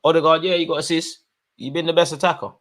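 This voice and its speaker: Excitable young man at a match. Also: fairly high pitch, fast. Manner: excitable, shouts at players and referee. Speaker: football fan channel host. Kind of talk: live match watch-along commentary.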